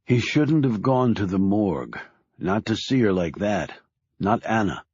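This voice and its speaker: Grave husky male audiobook narrator. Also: animated, a little mellow, no room sound, highs cut off. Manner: grave, measured, dropping low on sad lines.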